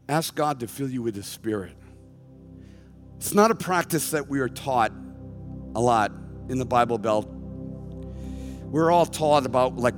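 A middle-aged man preaching a sermon as pastor, emphatic and conversational, with wry self-deprecating asides. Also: medium pitch. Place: church sanctuary. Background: soft music underneath.

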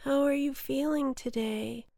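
A gloomy, lonely rain cloud from a children's storybook, voiced by a woman, dragging out every word as if it weighs a ton. The voice is hushed and breathy, a little higher than a plain speaking voice, and recorded close and dry with no room around it. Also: fairly even intonation, no echo. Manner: slow, mournful, often breathy and hushed.

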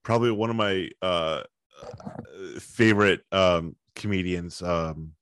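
A man's voice: sits low, slow pace, clean tone, no echo. A man in casual chat, animatedly retelling a comedian's bit with lots of swearing. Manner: animated retelling with crude language.

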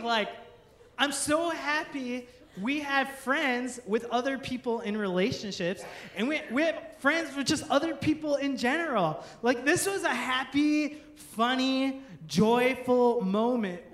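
High-voiced man preaching in a roomy hall. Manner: animated storytelling, laughing, acting out friends' voices. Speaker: pastor. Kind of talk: sermon with a funny personal story. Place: church stage before a congregation.

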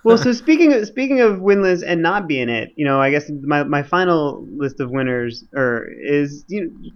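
A man co-hosting a casual cycling podcast, chatty and relaxed with lots of "like" and "you know". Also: fairly high pitch, moderate pace, dull audio. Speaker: podcast co-host.

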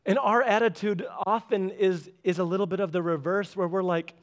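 A man in his thirties preaching a sermon, animated and acting out little voices as he speaks. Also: moderate pace, hardly any pauses. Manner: animated, acts out voices with big pitch jumps. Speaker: pastor.

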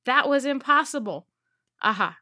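Woman doing a loud, swaggering space-pirate captain, man's part, dry close sound. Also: high voice, animated, normal speed, dry recording, voice pushed up, exaggerated voice. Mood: boisterous. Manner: boisterous, laughing, theatrical.

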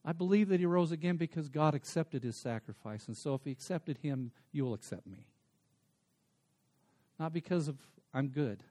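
A man preaching a sermon, dropping to soft asides and then rising to emphatic, stretched-out words. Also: on the high side, animated. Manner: swings between soft asides and emphatic raised passages; slows down to stress single words. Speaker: pastor.

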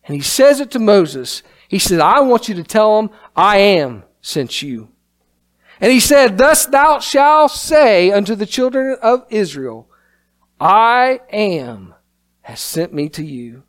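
High-voiced preacher man, emphatic. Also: very animated, slow. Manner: emphatic, rising to exclamations. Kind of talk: sermon. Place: church sanctuary.

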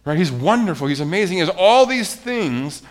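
A man's voice: high-pitched, very animated, moderate pace. A man preaching as pastor in a children's sermon, coaxing the kids with questions and explanations.

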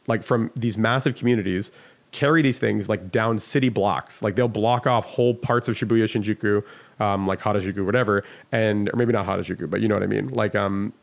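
A man guesting on a podcast, telling a long casual story full of "like" fillers and the odd swear word. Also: on the low side.

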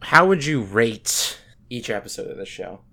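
A woman's voice: very deep voice, animated, normal speed, gravelly, pushed and bright. A woman co-hosting a podcast, chatting casually with dry, offhand remarks. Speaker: podcast co-host. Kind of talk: casual chat.

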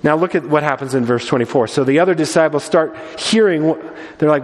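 A male pastor preaching a sermon with animated storytelling and many restarts and repeated words. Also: fairly high pitch, fast, big-room sound.

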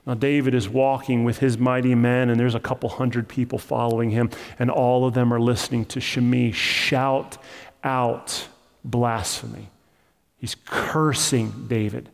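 A man's voice: medium pitch, level tone, unhurried, vocal fry, in a large hall. A man preaching a sermon as pastor, in a conversational, emphatic style that acts out the story.

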